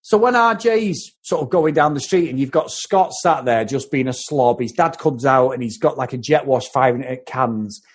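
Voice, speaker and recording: A man's voice: medium pitch, animated, normal speed, few pauses, breathy edge. A man co-hosting a podcast, animatedly mocking an old film's scenes and swearing freely. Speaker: podcast co-host. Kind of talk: casual film review chat.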